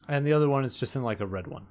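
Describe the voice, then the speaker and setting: A man co-hosting a casual book club podcast, deadpan and profane as he acts out characters' lines. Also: mid-range voice. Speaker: podcast co-host.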